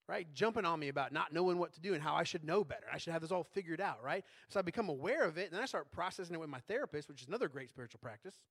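A man's voice: fairly high pitch, a bit bright. A man preaching a sermon as a pastor in a conversational way, often checking in with tag questions.

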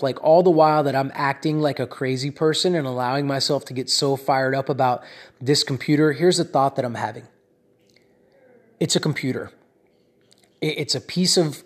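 A man telling a personal story that turns into a lesson, talking in an animated, rambling way and often checking in with "right?" and "you know?". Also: mid-range voice. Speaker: speaker addressing his audience.

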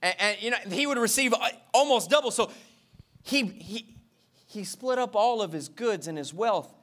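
A man with a high, bright voice preaches with fervor, driving his points home through repetition. He speaks straight to his congregation as their pastor. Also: animated, normal speed. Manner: impassioned preaching with emphatic repetition; talks directly to the congregation. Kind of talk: sermon.

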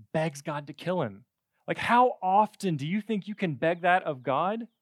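A man preaching a sermon in a conversational, animated way, with joking asides. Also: fairly high pitch, no room sound, clean studio sound.

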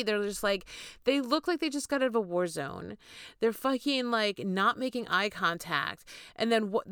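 Swearing, animated woman podcast co-host. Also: mid-range voice, clean tone, no room sound, studio quality. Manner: animated, swears freely, acts out quotes. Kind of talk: casual chat retelling a story.

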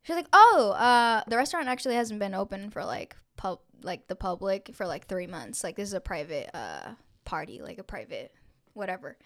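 A young woman, a podcast co-host, telling an anecdote in casual chat, animated and full of swearing, acting out quotes with lots of "like". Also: medium pitch, brisk. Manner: animated, swears a lot, acts out quotes with filler "like".

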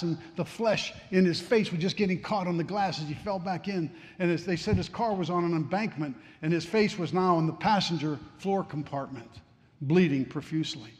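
A man preaching a sermon, telling a story dramatically and swinging between hushed and fervent delivery. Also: fairly high pitch. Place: church sanctuary. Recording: long reverb of a large church.

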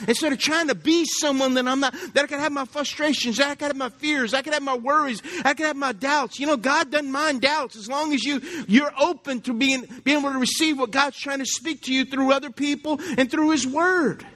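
A man's voice: very high voice, fairly even intonation, a little fast, few pauses, pushed and bright. A male pastor, preaching a conversational sermon and often asking the congregation questions. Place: church.

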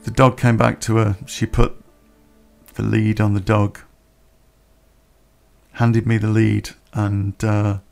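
A man telling a personal story on a podcast in a plain-spoken, unhurried way with pauses. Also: lowish voice, flat delivery, vocal fry, soft background music.

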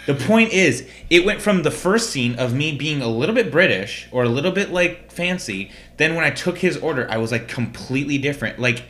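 A man's voice: fairly high pitch, animated, a little fast, hardly any pauses, fairly bright tone. A young man co-hosting a podcast in casual chat, rambling and searching for his words. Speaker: podcast co-host.

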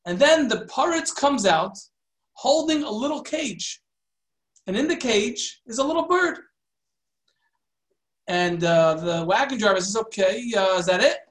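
Male storyteller, halting and filler-heavy, mixes in Yiddish and Hebrew words, roomy echo. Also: very high-pitched, very animated, fairly bright tone. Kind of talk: telling a folk tale.

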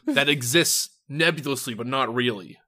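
A man's voice: medium pitch, moderate pace, bright, forceful tone, dry recording, studio quality. Wry man with sarcastic asides. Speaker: podcast co-host. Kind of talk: casual chat.

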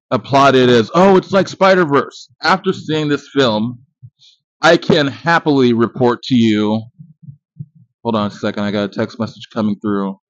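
A man in his thirties hosts a podcast, his mid-range voice a bit bright as he delivers a casual, crude, jokey film review full of boasts. The recording is dry, dull, and lo-fi, without echo.

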